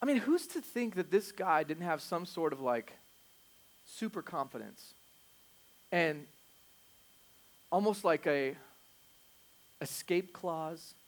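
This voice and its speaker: A man in his thirties, a pastor preaching a conversational sermon that swings from quiet asides to loud emphatic bursts, with self-deprecating jokes. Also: a little high, lively intonation, slow pace, pauses often.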